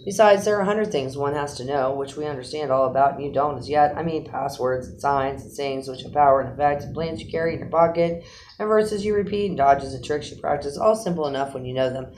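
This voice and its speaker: A man's voice: a little high, brisk, darkish tone, a little hiss or hum, natural voice, low-quality recording. A man reading aloud, voicing a kind and sensible water rat who talks in a soothing, reassuring way. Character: kindly brave male water rat, cheerful, sensible. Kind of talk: storybook reading.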